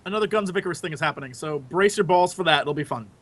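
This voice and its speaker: A podcast host chatting casually with friends. This man has a high, bright voice and tells his stories in an excited, rambling way. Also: racing, no room sound. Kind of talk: casual chat.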